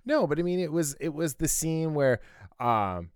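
A man with a higher voice and lively intonation talks at normal speed, his tone clean in a dry, studio-clean recording. As a podcast co-host in casual conversation, he rambles, restarts, uses many fillers, and laughs a lot.

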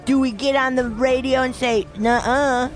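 A woman's voice: high voice, steady tone, normal speed, faint music behind, close to an everyday voice. A woman playing an eager, agreeable German henchwoman in a comedy audio play.

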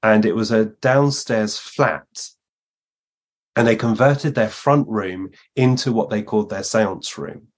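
A man's voice: fairly low pitch, slow. A man, a guest medium, telling long anecdotes in conversation and acting out the lines of the people he quotes. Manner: narrates at length, acting out the speakers he quotes.

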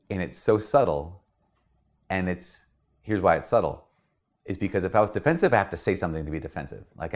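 Deep-voiced priest giving a casual talk. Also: male voice. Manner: conversational, animated, acts out quoted voices. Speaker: Catholic priest.

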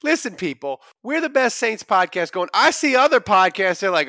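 A man's voice: high voice, very animated, moderate pace, pushed and bright, no echo, studio quality. A man hosting a sports podcast, boisterous and joking in casual chat. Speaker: podcast host.

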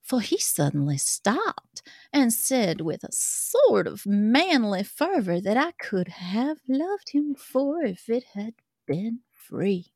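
Slow, expressive woman reading aloud. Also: a little high, no echo, studio quality. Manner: expressive and theatrical, laughs often. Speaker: podcast co-host reading a classic novel aloud. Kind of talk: dramatic reading mixed with casual chat.

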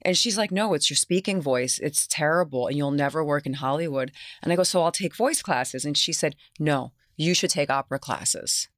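A woman's voice: sits low, normal speed, few pauses, fairly bright tone, no echo, studio quality. A woman from New York with a New York accent, a guest actress in an interview who tells candid stories, laughs often and acts out what people said. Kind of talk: casual interview storytelling.

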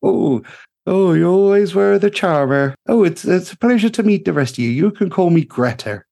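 Guy doing a bubbly gnome mechanic girl, high squeaky voice, really animated and gushing. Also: normal speed, gravelly. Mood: chirpy.

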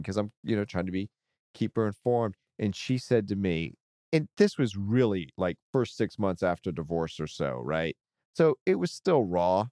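A man's voice: fairly low pitch, lively intonation, moderate pace, mellow, no room sound, studio quality. A man co-hosting a casual chat, telling a personal story and acting out the dialogue in it. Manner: storytelling, acts out quoted dialogue, laughs often. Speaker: co-host.

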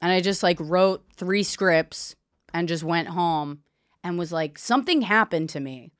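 A woman's voice: fairly low pitch, unhurried, no room sound, studio quality. A woman comedian and sketch writer in casual chat, telling a candid, reflective story.

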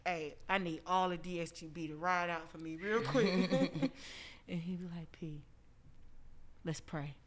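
A woman, a rapper guesting on a podcast, telling lively stories and acting out quotes with frequent laughs. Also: on the low side, moderate pace. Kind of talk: animated storytelling in casual chat.

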